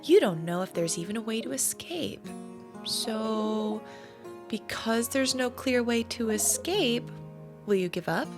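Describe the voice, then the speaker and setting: A woman reading the lines of a knowing, gently teasing guide figure in a soft, coaxing voice. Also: a little high, animated, measured pace. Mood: probing. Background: game music.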